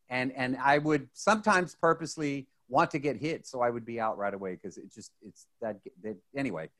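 A man co-hosts a casual podcast, his voice at a middle pitch. He rambles and restarts often. His excitement runs through the chat. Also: a little fast, few pauses. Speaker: podcast co-host.

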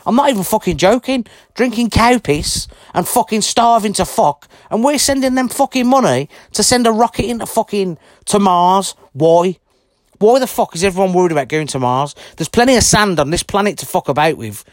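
Sweary, ranting man, high and lively. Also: brisk, no echo, studio quality. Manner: heavy swearing, blunt and indignant. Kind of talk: angry ranting monologue.

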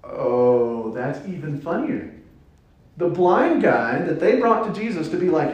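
Male preacher, conversational sermon, playful storytelling, lively swooping pitch, slightly high voice, echoey church room. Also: moderate pace. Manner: playful, animated storytelling with asides and acted quotes. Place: church sanctuary.

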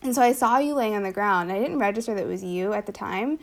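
A young woman talks casually and at length, with lots of filler words and easy laughter. Her voice sits at an ordinary middle pitch for a woman. She sounds like someone chatting with a family member. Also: lively intonation, fast, vocal fry. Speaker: older sister telling her story. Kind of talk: casual conversation.

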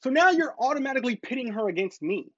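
A man's voice: extremely high pitch, very animated, fast talker, no room sound. Emphatic man venting, dry dull sound. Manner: emphatic, repeats points for stress. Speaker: parent vlogger. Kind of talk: casual monologue to camera.

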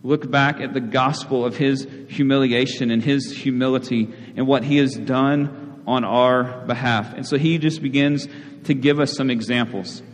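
A male pastor preaching a sermon in a relaxed, conversational way, often asking "right?" and repeating words. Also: medium pitch, moderate pace. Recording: long hall reverb.

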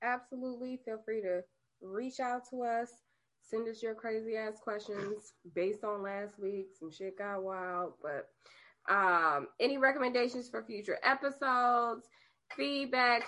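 A woman's voice: medium pitch, steady tone, a little slow, sharp tone. A woman co-hosting a podcast, chatting casually with wry, profane asides. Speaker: podcast co-host. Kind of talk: casual chat.

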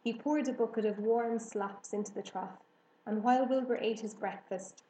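A woman narrating a children's storybook in an even, measured way. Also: fairly high pitch, reverberant, a little hiss or hum, rough recording. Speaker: audiobook narrator.

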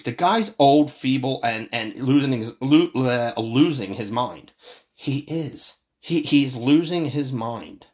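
A man's voice: medium pitch, expressive, unhurried. A man ranting angrily about politics as a commentator, heated and swearing, often stumbling and repeating words. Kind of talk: angry profane political rant.

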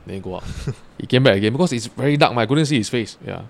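Singaporean guy spinning stories on a podcast, talks super fast, laughs a lot, lots of lah and mah. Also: mid-range voice, vocal fry. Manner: animated, laughs often, heavy slang particles. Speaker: podcast guest. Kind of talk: casual storytelling.

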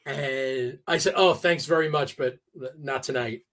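A man being interviewed on a podcast, telling a personal story in a casual, halting way with many fillers and restarts. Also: mid-range voice, a bit bright. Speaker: podcast guest. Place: New York area.

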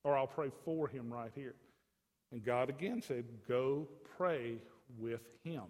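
A man's voice: mid-range voice, takes it slowly. Fervent preacher man in a reverberant church. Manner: storytelling preacher, swings from hushed to loud and fervent. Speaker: pastor. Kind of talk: sermon. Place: church sanctuary. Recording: long reverb of a church hall.

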